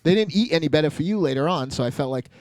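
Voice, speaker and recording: A man's voice: a little high, animated, very fast, a little mellow, no echo, studio quality. A man co-hosting a podcast, chatting casually in a rambling way with many fillers and restarts. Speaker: podcast co-host. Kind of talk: casual chat.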